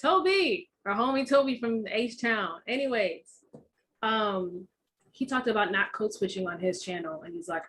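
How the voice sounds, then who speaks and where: A young adult woman from Texas co-hosting a podcast in casual chat, telling stories in an animated way and acting out quoted voices. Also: medium pitch, measured pace, low-quality recording. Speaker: podcast co-host.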